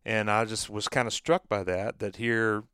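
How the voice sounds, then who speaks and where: Low, smooth-voiced man telling a story. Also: fairly even intonation, moderate pace, a bit bright, dry recording, clean studio sound. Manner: rambling, frequent restarts and fillers, acts out dialogue. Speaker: former baseball pitcher, guest. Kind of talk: storytelling in a conversational interview.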